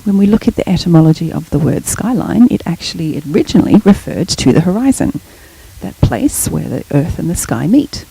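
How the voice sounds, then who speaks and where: A middle-aged woman gives a guest lecture in an explanatory, storytelling way. Her voice is mellow and a little gravelly, with a husky edge. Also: on the low side, sing-song, a little fast, rough recording. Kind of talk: academic lecture.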